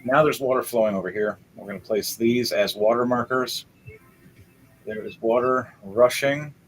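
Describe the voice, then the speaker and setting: A man narrating as game master, shifting between loud, excited bursts and quick, low asides. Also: husky, faint music behind, rough recording.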